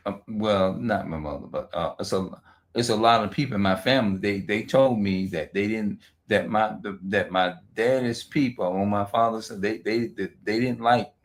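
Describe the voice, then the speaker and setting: A man talking off the cuff on a livestream, rambling and profane, repeating and restarting his words, and reading aloud slowly with stumbles. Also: on the low side. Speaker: livestream host. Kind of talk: unscripted livestream monologue.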